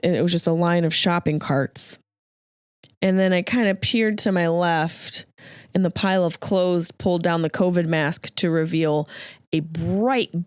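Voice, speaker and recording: A woman hosting a podcast, telling a comic story in an animated, jokey way and acting out the voices of the people in it. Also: on the low side, no echo, clean studio sound. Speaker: podcast host. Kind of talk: comedic storytelling monologue.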